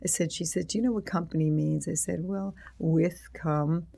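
A man's voice: fairly high pitch, steady tone, normal speed, gravelly, warm tone. An older man, an author and teacher being interviewed, rambling through anecdotes with many restarts and acted-out quotes.

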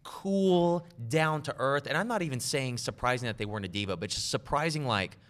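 A man's voice: medium pitch, normal speed. A man guesting on a podcast, asking playful questions and joking in casual chat. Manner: animated, jokey questioner.

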